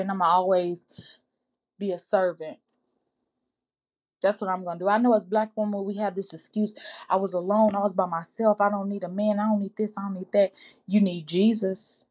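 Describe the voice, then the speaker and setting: A woman hosting a faith-based podcast, talking straight to her listeners like sisters. Her delivery is earnest and preacherly, full of casual colloquial phrasing and repeated exhortations. The voice sits at an ordinary middle pitch for a woman. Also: darkish tone. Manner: informal colloquial speech, calls listeners sis and baby. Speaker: podcast host.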